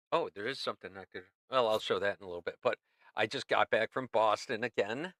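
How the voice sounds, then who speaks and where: A man's voice: on the low side, bright, forceful tone, no room sound. An older man hosting an art livestream, chatting casually in rambling bursts with restarts. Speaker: livestream host.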